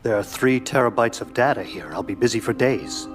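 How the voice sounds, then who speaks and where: A man's voice: mid-range voice, fairly quick, slightly rough, soft background music, lightly acted. A man voicing a focused, terse investigator figure.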